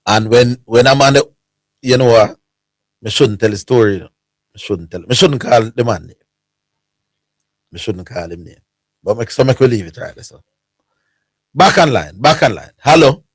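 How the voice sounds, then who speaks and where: A man with a Jamaican accent hosting a sports call-in radio show, telling an animated anecdote in creole and chuckling often. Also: medium pitch, moderate pace, long pauses, no echo. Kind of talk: casual storytelling on call-in radio.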